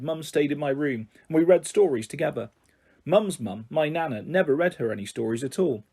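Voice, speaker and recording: Male storyteller for a children's novel; calm, even, mellow delivery. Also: on the high side, creaky, slightly rough. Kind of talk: reading a children's novel aloud.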